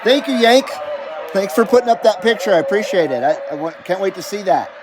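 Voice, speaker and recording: A man's voice: sits high, animated, a little fast, a crowd in the background, background noise. A man in his fifties hosting a CB radio live stream, chatting casually and jokingly with viewers and calling out on the air. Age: 50s. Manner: laid-back, jokey, talks to viewers and calls out on air. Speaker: CB radio livestream host.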